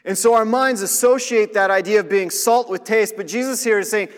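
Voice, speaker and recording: A man's voice: high voice, a little fast, big-room sound. A man giving a sermon as a pastor, speaking in a conversational, direct way and drawing the listeners in. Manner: conversational preaching, asks listeners to notice.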